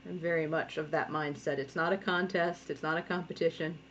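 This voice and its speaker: Woman, 30s, Rhode Island accent, fairly low voice; chatty, encouraging art teacher at home, dull lo-fi recording. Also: fairly even intonation, a little fast, fairly bright tone. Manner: chatty, encouraging, thinking aloud while drawing. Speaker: comic artist. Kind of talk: live draw-along tutorial. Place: home studio. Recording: dull lo-fi sound with faint noise.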